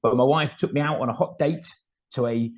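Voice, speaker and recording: A man's voice: medium pitch, a little fast. Chatty middle-aged man telling stories. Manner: chatty and self-deprecating, acts out dialogue, frequent fillers. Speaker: foster carer telling his story. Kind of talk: anecdotal storytelling talk.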